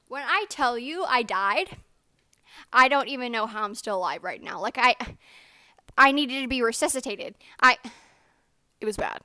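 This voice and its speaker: Teenage girl, storytime vlog, rambling and animated, bright tone, fairly high voice. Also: normal speed, pauses often, dry recording, studio quality. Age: teens. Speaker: vlogger. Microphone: own microphone.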